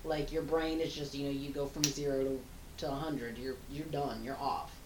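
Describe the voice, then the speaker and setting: A woman co-hosting a podcast in casual chat, animated and emphatic, swearing casually. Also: a bass voice, normal speed. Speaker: podcast co-host. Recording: roomy sound with faint background hum.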